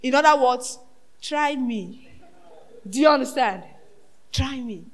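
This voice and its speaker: High-voiced woman preaching dramatically. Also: animated, slow. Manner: dramatic, swinging between shouted peaks and hushed asides; asks the congregation rhetorical questions. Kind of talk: sermon.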